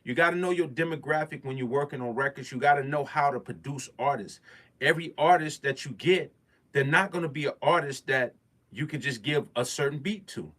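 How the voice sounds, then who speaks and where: A man's voice: medium pitch, brisk, a bit bright. A man, a music producer, speaking in a casual monologue, emphatic and preachy with street slang. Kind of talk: casual talking-head monologue.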